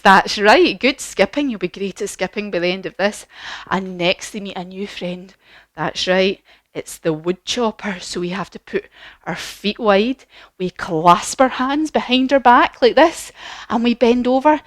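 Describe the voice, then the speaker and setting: Lively woman leading a kids' yoga story. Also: mid-range voice, a little slow, no room sound. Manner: lively, encouraging, sing-song. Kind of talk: children's yoga lesson told as a story.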